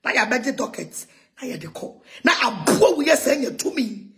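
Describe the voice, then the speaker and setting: A Ghanaian woman ranting heatedly in a mocking tone, shouting insults and laughing between lines. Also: on the high side, big pitch swings, normal speed. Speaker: self-styled prophetess ranting on video. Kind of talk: heated rant in Twi and English.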